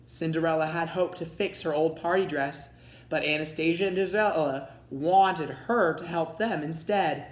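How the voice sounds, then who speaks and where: A man's voice: a little high, fairly even intonation, moderate pace. Man reading a storybook aloud. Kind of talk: read-aloud storybook narration. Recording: roomy echo.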